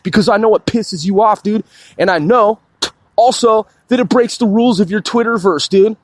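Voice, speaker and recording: A man's voice: high voice, normal speed, no room sound. A man ranting in a profane, combative and boastful monologue, peppering his speech with "dude". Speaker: crowdfunding campaigner.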